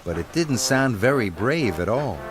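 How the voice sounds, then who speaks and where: A man narrating a children's storybook in an expressive read-aloud manner. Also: medium pitch, normal speed, heavy background noise. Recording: narration over background music.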